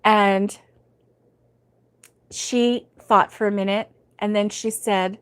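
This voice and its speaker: A woman's voice: medium pitch, fairly even intonation, slow pace, clear, resonant tone. A middle-aged woman hosting a live crochet stream, chatting casually, laughing often and reading out viewer comments.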